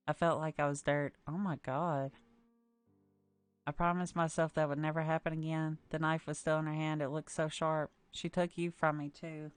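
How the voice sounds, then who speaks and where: A woman's voice: sits low, no echo. A woman streamer reading a visual novel's text aloud and breaking off with amused comments about the dialogue. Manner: amused asides, laughs at the dialogue.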